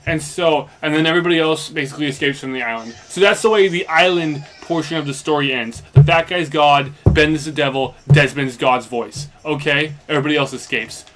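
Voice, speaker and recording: A man's voice: fairly high pitch, a bit bright. A young man casually recapping a story while playing a game, rambling along with lots of fillers. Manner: loose and meandering, heavy on fillers like "basically" and "like". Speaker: let's play commentator.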